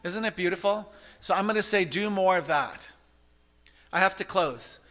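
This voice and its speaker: Male church service leader, bright, a little high, animated and chatty with shouting bursts. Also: normal speed. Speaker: practitioner leading a service. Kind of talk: sermon. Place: church sanctuary.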